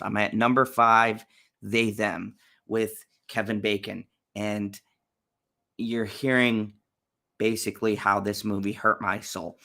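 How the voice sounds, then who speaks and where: A man's voice: fairly low pitch, pushed and bright. A man hosting a casual livestream, reviewing horror movies with blunt, profane ranting and chatting with viewers. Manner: talks to live chat viewers. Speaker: channel host.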